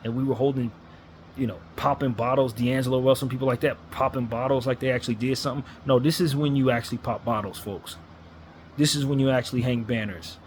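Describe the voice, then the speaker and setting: A man's voice: mid-range voice, steady tone, quick pace, a little hiss or hum. A man ranting as a sports fan commentator, blunt and frustrated, hammering his points with repetition.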